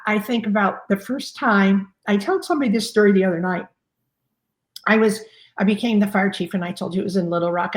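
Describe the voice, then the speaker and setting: A woman in her sixties, a fire chief guest, telling stories in a rambling conversational way with many fillers. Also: medium pitch. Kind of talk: conversational storytelling. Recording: roomy echo.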